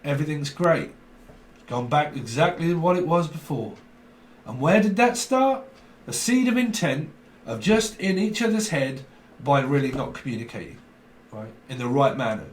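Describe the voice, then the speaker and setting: A man talking through a tarot reading with a somewhat high voice and a theatrical, emphatic delivery. He keeps tossing out quick question tags, and his voice echoes around the room. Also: animated. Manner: emphatic, dramatic, keeps asking "right?". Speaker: tarot reader. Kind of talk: casual video tarot reading.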